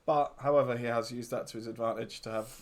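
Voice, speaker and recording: A man's voice: mid-range voice, steady tone, fast talker. Joking man hosting. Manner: joking, laughs often. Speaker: podcast host. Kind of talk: casual film chat.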